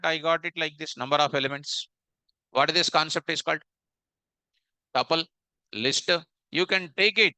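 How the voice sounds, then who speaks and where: A man leads a live coding lesson in a piercing, crisp voice that sits a little high. He repeats his phrases and keeps throwing rhetorical questions at his students. The sound is dry and close. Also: pushed and bright, no room sound, rough recording. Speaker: programming teacher.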